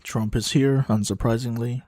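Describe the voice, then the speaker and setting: A man giving casual live play-by-play of a football match for a watchalong, slow and halting, pausing and musing between calls. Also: mid-range voice, fairly even intonation, dark tone, no room sound, studio quality. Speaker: watchalong commentator.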